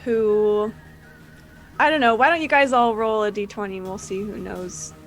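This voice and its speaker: A woman's voice: mid-range voice, moderate pace, faint music behind, low-quality recording. Woman narrating a tabletop game. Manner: relaxed, with frequent fillers. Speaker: game master.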